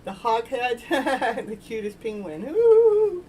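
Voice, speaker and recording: A woman's voice: medium pitch, normal speed, slight background noise, poor audio. A woman hosting a live tarot stream, chatting casually in a giggly, playful, rambling way. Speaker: live tarot reader and show host.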